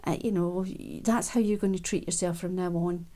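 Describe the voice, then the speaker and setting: Soft-spoken woman, self-help talk. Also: lowish voice, steady tone. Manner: soft, unhurried, with many ums and quiet laughs.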